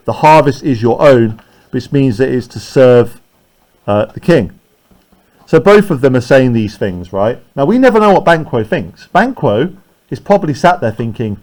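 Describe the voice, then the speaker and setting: A man's voice: mid-range voice, a little mellow. A man teaching a class, explaining lines of a play and often checking in with "right?".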